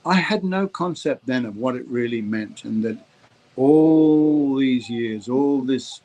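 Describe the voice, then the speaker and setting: An older Australian actor being interviewed, telling anecdotes in a rambling way with plenty of ums and restarts. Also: male voice, medium pitch, slow pace, dull audio. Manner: warm anecdotal, hesitant with ums. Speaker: actor guest. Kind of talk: interview storytelling.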